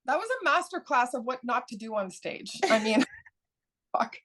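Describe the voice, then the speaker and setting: Candid, higher-voiced woman host. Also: animated, moderate pace, a bit bright. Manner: candid, swears casually, asks eager questions. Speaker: podcast host and comedian. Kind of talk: casual podcast chat.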